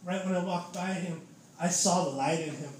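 A man's voice: sits high, normal speed, a little mellow. A young man giving a casual preaching testimony, fervent and informal, constantly dropping "man" and "dude" into his talk. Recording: very echoey room with faint noise.

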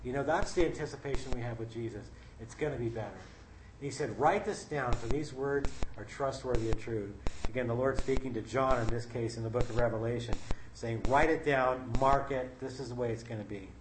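Against a noisy background in a roomy space with faint ambience, a middle-aged Bible study leader speaks briskly at medium pitch. His sermon is informal and folksy, mixing scripture reading with his own conversational comments.

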